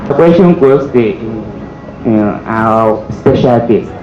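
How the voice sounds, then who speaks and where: A man asking a question from the audience at a seminar, halting and using fillers. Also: mid-range voice, animated. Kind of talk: question from the floor. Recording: dull echoey hall, faint music.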